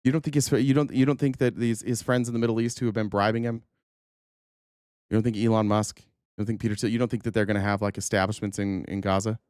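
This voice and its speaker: A man's voice: fairly low pitch, little pitch movement, fast, darkish tone, no room sound, clean studio sound. A man hosting a political talk show, ranting angrily and swearing, choked up at times. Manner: angry, profane ranting. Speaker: podcast host. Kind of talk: political commentary.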